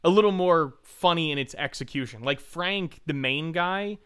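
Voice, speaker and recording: A man co-hosting a podcast, chatting casually about a movie, animated and laughing often. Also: a little high, normal speed, clear, resonant tone. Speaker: podcast co-host. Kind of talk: casual movie review chat.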